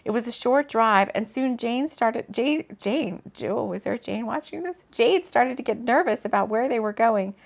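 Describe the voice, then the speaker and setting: A woman, an author, reading her own book aloud in a relaxed way, breaking off for casual asides. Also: on the high side, moderate pace, vocal fry, few pauses. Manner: chatty, laughs at her own slips and comments mid-reading.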